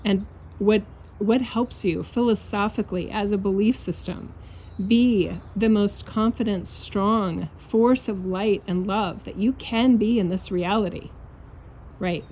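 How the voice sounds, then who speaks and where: Woman, spiritual coach, outdoor vlog; blunt, swearing, laughing pep talk with a soft hiss of outdoor air behind. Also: mid-range voice, a little slow. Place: outdoors in a yard.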